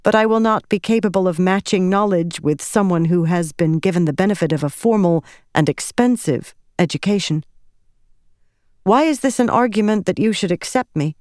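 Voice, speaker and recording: A woman's voice: fairly low pitch, darkish tone, no room sound, natural voice. Young noblewoman, formal, earnest, respectful, dry close recording, read by a woman.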